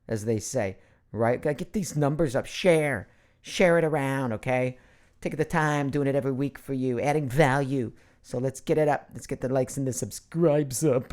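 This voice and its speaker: A man's voice: mid-range voice, normal speed, a little mellow. A middle-aged man, a voice actor, hosting a casual live Q&A from his computer at home, chatty and playful, hopping between topics. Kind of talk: casual live-stream chat.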